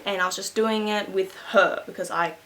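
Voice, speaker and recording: A woman's voice: medium pitch, steady tone, moderate pace, fairly bright tone, a little hiss or hum. A young woman telling a rambling, chatty story at home, keeping her voice down and laughing between asides. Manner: keeps voice down so as not to wake someone. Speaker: beauty vlogger. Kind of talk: casual storytime.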